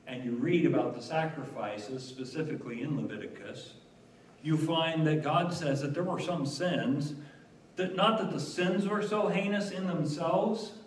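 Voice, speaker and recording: A man's voice: a little high, a little hiss or hum. A man preaching a sermon in a church, earnest and emphatic, with wry asides. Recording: echoey room, voice from a distance.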